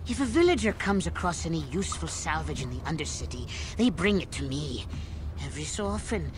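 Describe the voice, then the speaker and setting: A man's voice: on the high side, sing-song, a little fast, background noise. An actor playing a shady male junk dealer with a faintly Irish-sounding lilt, pushing his wares with sly sales talk. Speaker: game character.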